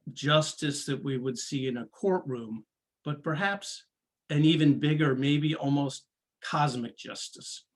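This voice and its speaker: Slow, deliberate male storyteller. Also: medium pitch. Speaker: guest speaker, former prosecutor. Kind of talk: storytelling talk.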